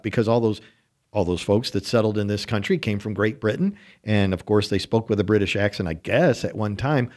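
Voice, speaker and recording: A man in his sixties from western New York hosting a radio talk show, rambling and chatty with frequent laughs. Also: fairly low pitch. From western New York State. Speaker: radio host. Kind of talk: casual on-air talk.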